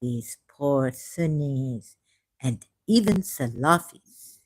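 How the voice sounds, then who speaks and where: A woman's voice: extremely low pitch, expressive, drawn-out words, a little mellow. A woman giving casual, sarcastic commentary while reading aloud from a screen. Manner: sarcastic, mocking. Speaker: video creator.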